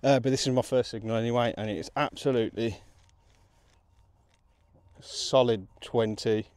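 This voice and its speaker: A man with a Midlands accent, out of breath, chatting excitedly to the camera outdoors while metal detecting in a field. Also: medium pitch, normal speed, dry recording. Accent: English Midlands. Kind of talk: casual outdoor commentary.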